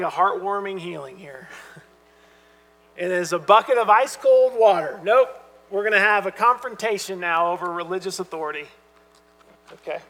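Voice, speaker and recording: A man preaching a sermon as pastor, earnest and emphatic, dropping to soft asides when he quotes. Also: high-pitched. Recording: hall reverb with mains hum.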